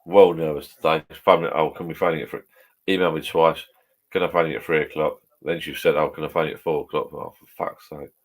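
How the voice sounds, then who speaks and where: A man's voice: extremely low pitch, steady tone, a little fast. A middle-aged man, chatting casually and rambling with live viewers, swearing freely. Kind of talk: casual live-stream chat. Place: home garden bar shed.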